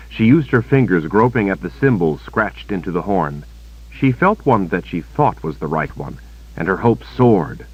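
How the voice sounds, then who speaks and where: A man narrating an audiobook in a steady, measured reading. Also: deep voice, husky. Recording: dull lo-fi cassette recording.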